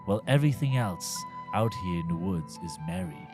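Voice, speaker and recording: A crafty storybook wolf, sly and scheming, as a man reads him aloud in a hammy mock-British put-on voice, sitting a little low. He wheedles his lines with broad comic relish, and faint music trails behind. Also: expressive, brisk. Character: crafty sly male wolf in a fairy tale. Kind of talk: comedic read-aloud of a fairy tale.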